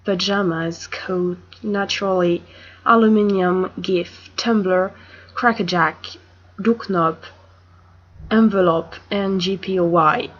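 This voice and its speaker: A young woman from France with a French accent, talking casually to camera in a hesitant, soft-spoken way with filler pauses. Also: on the low side, steady tone, dull audio. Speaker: vlogger.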